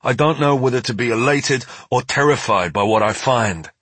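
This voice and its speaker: A man's voice: mid-range voice, normal speed, a bit bright, slightly rough, no echo. A man narrating a story in the first person, tense and earnest. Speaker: audiobook narrator.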